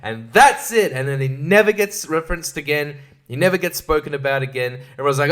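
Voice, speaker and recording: A man's voice: fairly high pitch, animated, fairly quick, fairly bright tone. Rambling, sarcastic man. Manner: rambling, sarcastic, laughs often, does mocking voices. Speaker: podcast host reviewing films. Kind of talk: casual film review monologue.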